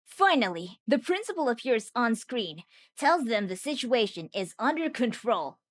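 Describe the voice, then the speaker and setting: A woman's voice: a little high, very animated, normal speed, dry recording. A woman narrating a scripted anime recap with jokey, wisecracking asides.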